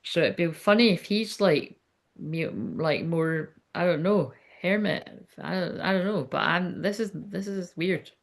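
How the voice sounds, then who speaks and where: A woman's voice: fairly low pitch, a little slow, gravelly. A woman working as a psychic medium, giving a live-streamed spiritual reading in a chatty, rambling, sweary way while hiccuping now and then.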